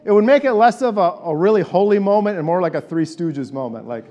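A man preaching a conversational sermon, animated and leading his congregation in call and response. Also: sits high, brisk, muffled recording. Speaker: pastor.

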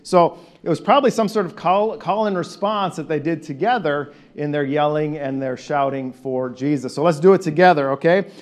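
A man preaching a conversational sermon, animated and leading his congregation in call and response. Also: fairly high pitch, moderate pace, hardly any pauses. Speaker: pastor.

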